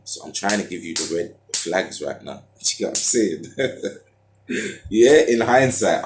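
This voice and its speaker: A low-voiced man recounts a personal story in loose, slang-heavy talk. He drifts between points and fills gaps with filler sounds. The recording has a strong echo from the room around him. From United Kingdom. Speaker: vlogger. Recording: echoey room.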